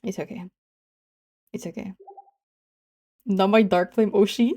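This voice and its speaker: A woman's voice: medium pitch, fairly even intonation, a little slow, pauses often, mellow. A woman streamer chatting casually with her viewers in a teasing, giggly way, often saying she's only kidding.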